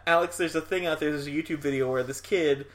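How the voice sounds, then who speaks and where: A man's voice: on the high side, fairly even intonation, quick pace. Laughing, joking male podcast host. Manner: jokey, laughs often. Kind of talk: casual podcast chat.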